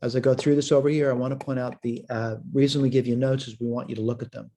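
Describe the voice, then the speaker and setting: Talking fast in a dark, level tone at medium pitch, a math instructor walks through problems step by step at a whiteboard. He thinks aloud throughout this recorded lesson, sharing his screen.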